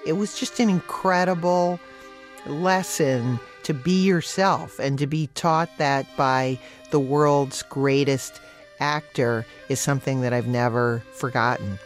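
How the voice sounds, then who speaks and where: Animated woman telling a personal story. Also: slow, soft background music. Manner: animated, pitch leaps up for emphasis, laughs through lines. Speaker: actor telling an anecdote.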